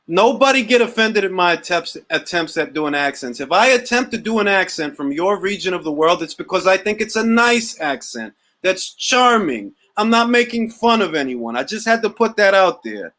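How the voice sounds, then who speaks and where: A man's voice: high voice, very animated, normal speed, hardly any pauses, pushed and bright, rough recording. A man hosting a boxing talk livestream, joking around in casual slang and repeating catchphrases. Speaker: boxing talk show host.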